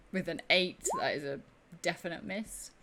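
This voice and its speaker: A woman's voice: on the low side, noisy background. A woman acting as game master, narrating a tabletop game in a playful way and laughing often.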